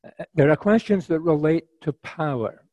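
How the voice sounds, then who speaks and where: Male preacher, mellow voice, dry and close, talks through scripture in an easy, measured way. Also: on the high side, expressive, dry recording, highs cut off. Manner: measured, conversational preaching with frequent fillers and restarts. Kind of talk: sermon.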